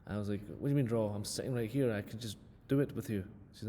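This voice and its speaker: A man's voice: on the low side, quick pace, dark tone, long reverb tail. A man who is a physics teacher, telling a casual story and mockingly judging drawings. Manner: playful mock-outraged teasing.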